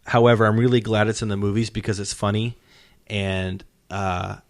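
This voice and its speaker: A man with a lowish voice hosts a relaxed podcast chat at a moderate pace, retelling scenes in a sincere, meandering way. His voice is recorded close and dry, with no echo or room sound.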